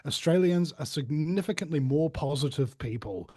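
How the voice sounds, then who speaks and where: A man's voice: fairly high pitch, lively intonation, normal speed, dark tone, husky, dry recording. A New Zealand man in his thirties, chatting loosely in an interview with lots of fillers and restarts. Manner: rambling, many fillers and restarts. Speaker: podcast host. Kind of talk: casual interview chat.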